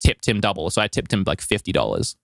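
A man co-hosting a podcast, telling a travel story in a rambling, animated way with lots of filler words. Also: low voice, quick pace, creaky, no room sound, clean studio sound. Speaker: podcast co-host. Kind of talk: casual storytelling chat.

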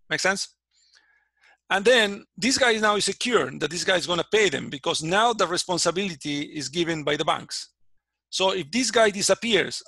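Over a video call, a finance lecturer with a high, gravelly, sharp voice teaches his class via his computer mic, with no room sound. He repeatedly checks whether students are keeping up and restarts himself often.

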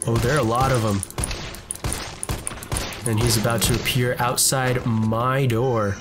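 A man's voice: mid-range voice, flat delivery, a little slow, over music. A man giving casual let's-play commentary from his desk at home, jumpy and chatty, talking to the enemies on screen. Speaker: gaming video creator.

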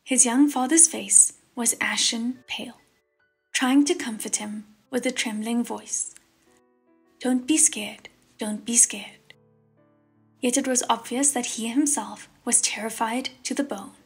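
Husky woman reading an audiobook. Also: on the high side, fairly even intonation, unhurried. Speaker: audiobook narrator. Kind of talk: audiobook narration. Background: soft piano music.

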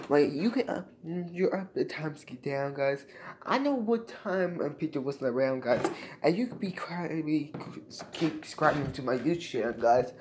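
Against background noise, a young man with a somewhat high, animated voice talks unhurriedly to his YouTube audience. His casual vlog is emotional and repetitive, full of thank-yous and the word "guys."

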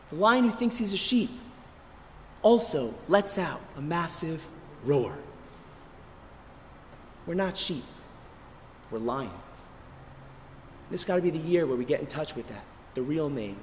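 A man giving an animated sermon as a rabbi, telling a story with emphatic repetition. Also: high voice, long reverb tail, slight background noise. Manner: animated, emphatic, repeats words as he builds. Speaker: rabbi giving a short lecture.

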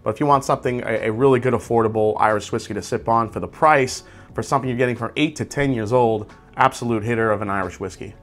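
A man hosting a casual whiskey tasting review, describing tasting notes aloud in a relaxed, conversational way. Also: mid-range voice, fast, soft background music. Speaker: whiskey reviewer, channel host.

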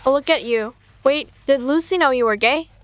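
A woman's voice: sits high, normal speed, fairly bright tone, no echo. A woman voicing a blunt, sarcastic young woman in a storytime animation.

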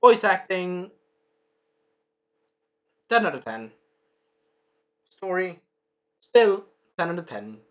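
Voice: mid-range voice, sing-song, slow pace, pauses often, a bit bright, highs cut off. A reviewer giving a casual spoken episode review, rambling and swearing, with many fillers and restarts. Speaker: show reviewer.

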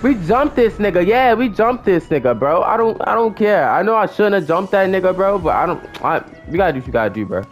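Excitable young-sounding male gamer commentating. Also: high voice, brisk, hardly any pauses, soft background music. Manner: excitable, trash-talks the boss, swears and shouts. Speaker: gamer and channel host. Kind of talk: live gameplay commentary.

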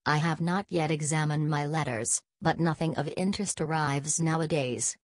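A woman's voice: deep voice, moderate pace, no room sound. A woman reading the part of a fussy, vain older male detective, sprinkling in French phrases in a theatrical manner. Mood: despondent. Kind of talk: audiobook character reading.

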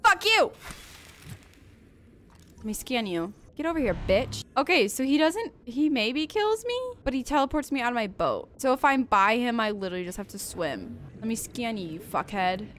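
A woman giving excitable, profane let's-play commentary, shrieking and cursing when startled. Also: fairly high pitch, brisk, few pauses, slight background noise. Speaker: gaming creator.

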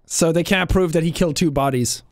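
A woman's voice: low-pitched, a little fast. A young woman streaming a game, chatting casually, playful and joking. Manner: playful, joking, shouts bits.

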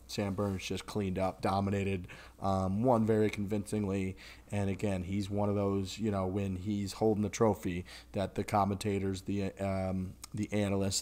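A man co-hosting a golf podcast, talking in a rambling, profane, animated way about the tour. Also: fairly low pitch. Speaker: podcast co-host. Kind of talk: casual golf podcast chat.

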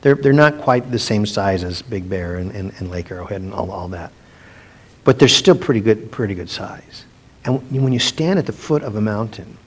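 A man's voice: lowish voice, expressive, moderate pace, slightly rough. A man leading a casual Bible study, reading verses aloud and wandering into chatty personal asides with frequent restarts. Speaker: pastor teaching a Bible study.

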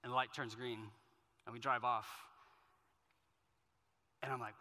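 A man preaches in a church, his voice bright and forward. He tells stories casually and pokes fun at himself. The sound rings out with a long hall reverb. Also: medium pitch, flat delivery, slow pace. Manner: conversational storytelling with self-deprecating humor. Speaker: pastor. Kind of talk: sermon. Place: church auditorium.

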